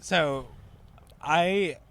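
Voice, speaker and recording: A man's slightly high, somewhat bright voice draws out his words as he co-hosts a podcast. In this casual storytelling chat, he rambles, laughs and relies heavily on fillers.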